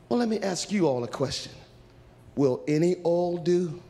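A man preaching a humorous storytelling sermon in a church, often shouting. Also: on the high side, a little fast. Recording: echoey church hall.

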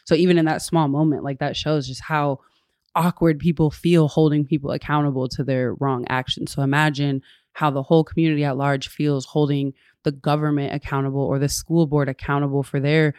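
A woman's voice: deep voice, little pitch movement, fairly quick, a little mellow, clean tone, no room sound. Earnest woman guest, dry close sound. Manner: thoughtful, earnest, with fillers. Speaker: podcast guest. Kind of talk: casual conversation.

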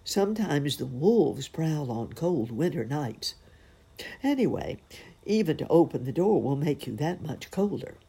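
A woman's voice: low voice, very animated, measured pace, mellow, husky, heavily acted. A woman doing a kindly poor cobbler father. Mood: fatherly. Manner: fatherly and instructing.

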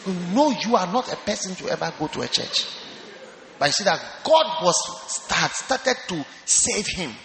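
A man, a bishop preaching and questioning a member of his church, excitable and given to shouting. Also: high-pitched, moderate pace, gravelly, reverberant, in a large hall, low-quality recording. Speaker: bishop leading a church service. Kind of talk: sermon with on-stage testimony interview. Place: large church hall.

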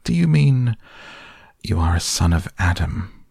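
A man's voice: low-pitched, slow pace, vocal fry, no echo, clean studio sound, full character voice. A man voicing a proud, cold and stern tall queen who speaks imperiously. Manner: imperious, haughty.

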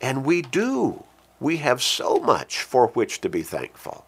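Man preaching, earnest, repeats phrases, slows for scripture, mid-range pitch. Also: wildly swooping pitch, breathy edge. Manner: slows and lifts his voice when quoting scripture. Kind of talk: sermon.

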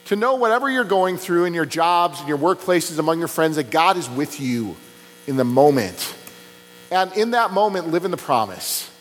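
A man preaching a sermon as a pastor in a church, speaking conversationally with many fillers. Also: a little high. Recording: long reverb with mains hum.

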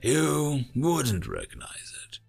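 A man's voice: medium pitch, wildly swooping pitch, slow, vocal fry, a little mellow, slightly rough, faint music behind, pitched above the performer's own voice, exaggerated voice. A man voicing a vengeful male cyborg soldier who snarls his lines in a cold, menacing way.

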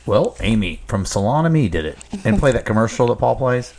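A man's voice: medium pitch, big pitch swings, a little fast, darkish tone, slight background noise. A man co-hosting a podcast, casually teasing the host and cracking jokes. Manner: teasing, joking, laughs often. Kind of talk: casual chat.

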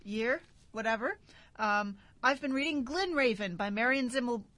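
A woman's voice: on the high side, animated, moderate pace, fairly bright tone, no echo. A woman guest on a radio show, rambling through a book review in a casual way. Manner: chatty, rambling, self-deprecating.

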